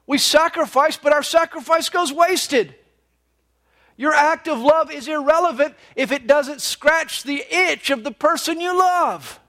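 A middle-aged man preaching a sermon, earnest with lively emphasis. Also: very high voice, unhurried. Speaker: pastor.

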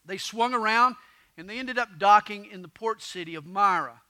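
A pastor in mid-life preaches with a high, ringing voice. He teaches through scripture in a lively, storytelling way and recites verse with gusto. His tone is bright and forward. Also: moderate pace.

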